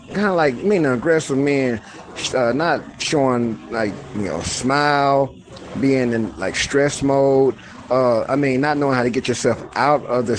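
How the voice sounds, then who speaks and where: A man delivering a profane, preachy motivational rant to his viewers, swinging from low musing to loud exhortation. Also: a little hiss or hum. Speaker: video creator.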